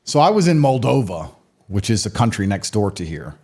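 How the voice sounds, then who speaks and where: Blunt, animated man in his thirties. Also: fairly low pitch, brisk, breathy edge. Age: 30s. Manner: blunt, provocative, emphatic. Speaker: interview guest. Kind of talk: conversational storytelling and opinion.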